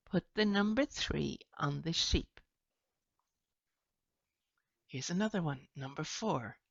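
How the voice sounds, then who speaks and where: A woman teacher talking slowly and clearly to young children in a sing-song way, with animal noises. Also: low-pitched, no echo. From Ireland. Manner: slow, sing-song, with animal sound effects. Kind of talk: slow children's lesson. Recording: dull lo-fi, dry.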